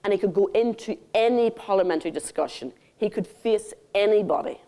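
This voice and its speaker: A woman's voice: mid-range voice, a little fast, dark tone. An older woman giving a conference keynote speech, theatrical and intimate, calling the audience darlings. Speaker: keynote speaker. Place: conference hall stage.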